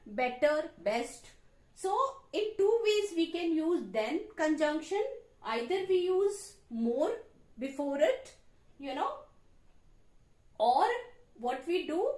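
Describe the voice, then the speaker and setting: A woman English teacher with an Indian English accent, explaining grammar slowly at a board and repeating her examples. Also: sits high, darkish tone, echoey room. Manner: explains slowly, repeats examples, frequent "you know" and "okay". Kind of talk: classroom grammar lesson. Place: classroom with a board.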